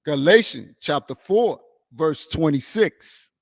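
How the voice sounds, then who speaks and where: Slow, deliberate male scripture reader. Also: a little high, expressive, dry recording, studio quality. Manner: slow, deliberate reading with short affirmations.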